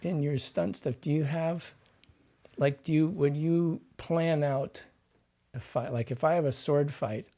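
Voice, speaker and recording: A man's voice: a little high, steady tone, measured pace, dark tone. A man, a dialect coach and podcast guest, explaining at length like a teacher and acting out the sounds he describes. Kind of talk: explanatory interview talk.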